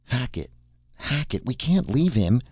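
A man's voice: medium pitch, sing-song, a little slow, husky, dry recording, pitched above the performer's own voice. A man voicing Norman, a desperate human hero making an escape, who cries out in raised, pleading calls. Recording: dull lo-fi dry recording.

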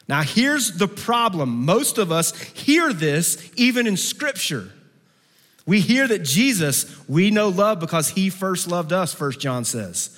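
A male pastor delivers a sermon with a slightly higher-than-usual voice, switching into animated character voices for the quotes. His words ring out with a long reverb, as if recorded in a large hall. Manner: acts out quoted voices with big pitch swings; shifts between soft low passages and lively raised ones.

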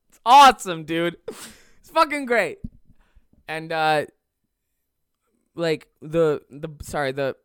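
A man's voice: a little high, slow, long pauses, clean tone, dry recording, clean studio sound. A young man telling a comedic story on a podcast, rambling and swearing, laughing as he goes. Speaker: podcast host.

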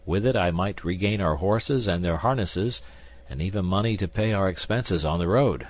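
Wry, unbothered musketeer, low and husky, as a male reader plays him. Audiobook reading. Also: moderate pace. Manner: calm, drawling and wry. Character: coolly indifferent older male musketeer, wry gambler.

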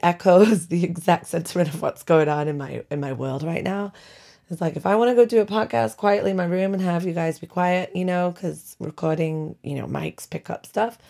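A woman's voice: fairly low pitch, gravelly, darkish tone. A woman hosting her own podcast from her bedroom, chatting casually and wryly, laughing often as she vents. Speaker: podcast host. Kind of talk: casual solo podcast chat. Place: bedroom at home.

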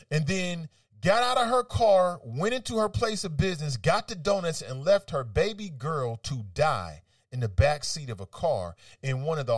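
A man hosting an opinionated talk radio segment, reading out quotes and rebutting them with animated, argumentative commentary. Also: fairly high pitch, no echo, studio quality, distant mic.

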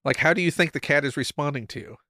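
A man co-hosting a casual podcast chat, dropping quick wisecracks. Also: fairly high pitch, bright, forceful tone, no room sound, studio quality. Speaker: podcast co-host.

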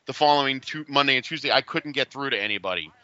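Bright-voiced man in his forties telling a story. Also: mid-range voice, fast, lo-fi sound. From Boston area. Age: 40s. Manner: animated storyteller, acts out quoted voices. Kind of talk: casual chat, storytelling.

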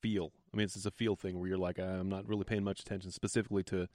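Low-voiced male podcast host. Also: level tone, darkish tone, no echo, clean studio sound, faint music behind. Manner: measured interviewer who restarts questions. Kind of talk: interview questions.

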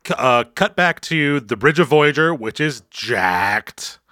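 Lively, bright-voiced man recapping an episode. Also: medium pitch, slow pace, dry recording, clean studio sound. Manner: animated, acts out quotes in mock voices. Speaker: podcast co-host. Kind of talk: casual episode recap chat.

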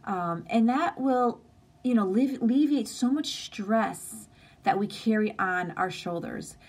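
A woman's voice: mid-range voice, measured pace, breathy edge. Earnest woman giving a heartfelt live talk. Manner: earnest, open and conversational, with emphatic lists. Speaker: host of an inspirational live stream.

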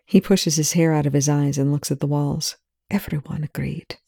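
Brief: quiet audiobook narrator, gravelly and mellow, dry close mic. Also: mid-range voice, level tone, brisk, no room sound. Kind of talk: audiobook reading of fan fiction.

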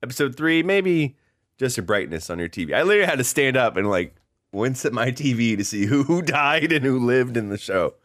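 A young man co-hosting a casual podcast, his voice mid-pitched and swinging widely as he tells stories. He breaks into laughter and bursts of exclamation. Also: animated, a little fast, fairly bright tone. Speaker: podcast co-host. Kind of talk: casual chat.

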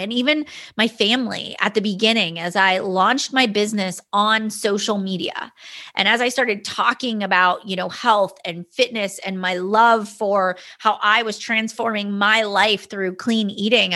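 A woman's voice: medium pitch, bright, forceful tone. A woman in her thirties hosting a solo podcast from home, telling personal stories in an earnest, motivational way. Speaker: podcast host. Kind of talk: casual solo podcast talk. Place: home, indoors.

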